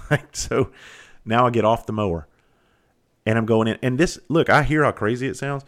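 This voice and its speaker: A man's voice: mid-range voice, moderate pace, fairly bright tone. A middle-aged man hosting a podcast, talking through a candid, rambling story with plenty of swearing. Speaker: podcast host. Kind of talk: candid monologue.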